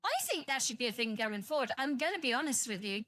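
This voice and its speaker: A woman's voice: fairly high pitch, expressive, fast, a bit bright, no echo, clean studio sound. A young British woman streaming live, chatting to viewers in a blunt, profane, rambling way and sounding tired. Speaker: livestreamer.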